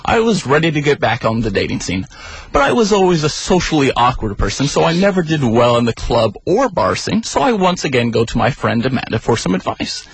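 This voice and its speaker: Young guy spinning a wry dating story, voice bouncing up and down a lot, kinda husky. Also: a little fast, no echo, poor audio. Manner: wry, self-deprecating storytelling with lively pitch. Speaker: guest storyteller. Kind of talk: telling a personal story on radio.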